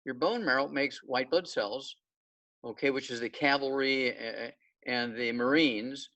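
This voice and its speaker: A man's voice: mid-range voice, a little slow, a bit bright, far from the mic, low-quality recording. A man giving an informal lecture on a call, folksy and emphatic, often checking in with "okay". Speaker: guest lecturer.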